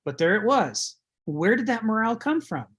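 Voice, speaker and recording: Brief: breathy male lecturer, casual and digressive, lots of "you know". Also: high voice, big pitch swings, normal speed, fairly bright tone. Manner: rambling, chuckles often, many fillers. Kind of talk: conversational lecture.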